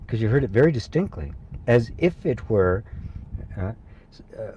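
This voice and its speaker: A man hosting a live satsang as a spiritual teacher, speaking gently and reassuringly, laughing softly and pausing with fillers as he reads viewer comments. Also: on the low side, very animated, lo-fi sound, slight background noise. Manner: hesitant fillers and restarts while reading.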